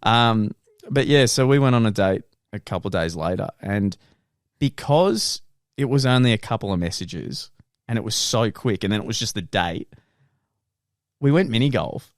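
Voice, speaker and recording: A man's voice: on the low side, lively intonation, normal speed, no echo, studio quality. A young Australian man co-hosting a casual podcast, telling rambling dating anecdotes with plenty of laughter and restarts. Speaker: podcast co-host. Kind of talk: casual chat, storytelling.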